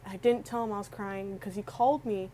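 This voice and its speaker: A woman's voice: medium pitch, steady tone, a little fast, dark tone, a little hiss or hum, rough recording. A young woman on the verge of tears, rambling through a personal story with many restarts and filler words. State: tearful, close to crying. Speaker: vlogger. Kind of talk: emotional storytelling.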